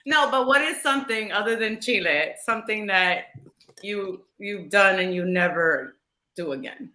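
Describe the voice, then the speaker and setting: A woman's voice: mid-range voice, moderate pace, sharp tone. A woman hosting a podcast, playfully reading out questions to her guest in casual chat. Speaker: podcast host. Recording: echoey room.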